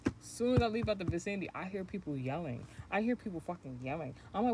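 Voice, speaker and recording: A woman's voice: on the low side, animated, fast, noisy background. A woman hosting a spiritual channel, telling a long story in a casual livestream, rambling and swearing and laughing as she goes. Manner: rambling, profane, laughs often.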